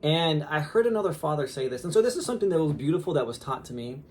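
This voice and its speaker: A man in his thirties, a father, telling a story casually on a podcast in an animated way with lots of fillers. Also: on the high side, fast talker. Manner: animated, laughing, lots of fillers and quoted asides.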